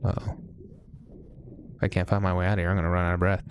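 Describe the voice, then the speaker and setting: A man hosting a let's play, chatting casually and thinking aloud as he plays, often pausing with hesitations. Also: low voice, little pitch movement, slight background noise. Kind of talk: casual gameplay commentary.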